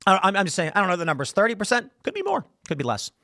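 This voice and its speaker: A man's voice: high-pitched, wildly swooping pitch, racing, pushed and bright, no echo, studio quality. A man hosting live political commentary, talking in a sarcastic, mocking way and slipping into mock voices. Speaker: political show host. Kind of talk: opinionated live-stream commentary.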